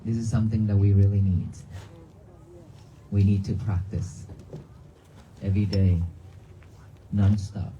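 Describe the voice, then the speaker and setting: A man speaks as a monk, preaching earnestly to a crowd in plain, simple phrases. His voice sits fairly low. He is recorded outdoors, with clear background noise from the open air. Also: level tone, measured pace, long pauses, dark tone, dull audio. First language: Vietnamese. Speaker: monk giving a dharma talk. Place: outdoors at a church cemetery.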